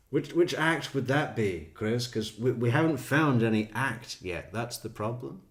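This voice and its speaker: A man's voice: medium pitch, animated, slow, pauses often. A man giving sardonic true crime commentary, laughing often at what he plays. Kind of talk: casual commentary.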